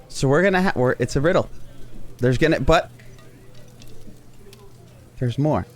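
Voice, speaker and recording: A male streamer rambling and laughing as he talks over gameplay. His pitch swings a lot while his pace stays slow, with faint game music behind him. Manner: animated, laughs often, rambling. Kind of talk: casual gameplay commentary.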